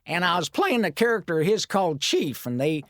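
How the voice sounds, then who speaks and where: A man, a guest voice actor in a podcast interview, telling lively stories and slipping into character voices now and then. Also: high-pitched, fairly quick, no echo, studio quality. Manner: animated storyteller who slips into character voices. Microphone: studio microphone.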